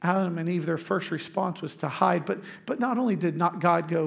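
A man, preaching a sermon as pastor, telling lively stories to the congregation and acting out quotes. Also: high voice, normal speed, gravelly.

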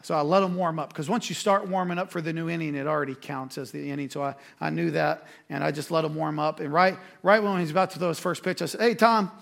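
A man, a pastor preaching a sermon and telling a self-deprecating story with animated energy. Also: fairly high pitch, fast, vocal fry, hardly any pauses.

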